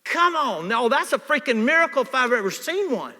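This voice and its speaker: Preacher, male, animated sermon delivery, bright and sharp, recorded in an echoing hall. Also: extremely high pitch, brisk. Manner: animated, swings from hushed to shouting. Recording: reverberant hall.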